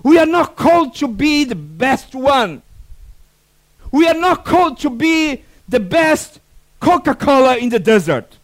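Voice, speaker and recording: High-voiced animated preacher man. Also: a little slow. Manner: animated preaching with acted-out quotes and non-native phrasing. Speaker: pastor. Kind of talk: sermon.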